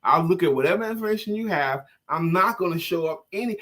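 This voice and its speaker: A man co-hosting a live coaching talk show in a relaxed, chatty way. He is playful and emphatic, and his fairly high voice swings widely in pitch. He sounds animated as he makes his points. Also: fast talker. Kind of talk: casual live-stream chat.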